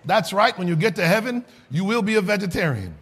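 A man preaching a sermon, rising to shouts and then dropping low and soft. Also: sing-song, a little fast, breathy edge.

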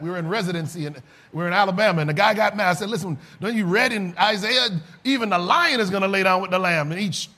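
A man preaching a sermon, rising to shouts and then dropping low and soft.

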